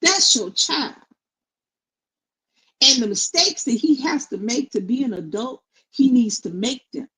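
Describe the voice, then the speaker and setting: A middle-aged woman co-hosting casual commentary, blunt and opinionated in a steady, even tone. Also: fairly high pitch, a little slow, long pauses, breathy edge, poor audio. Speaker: co-host.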